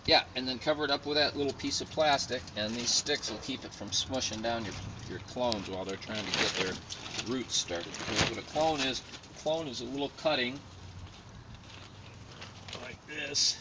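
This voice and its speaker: Man, mid pitch, talking off-mic outdoors, jokey home-garden demo with self-mocking asides, noisy backdrop. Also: moderate pace, recorded from a distance. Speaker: home gardener demonstrating plant cloning. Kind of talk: casual how-to demonstration.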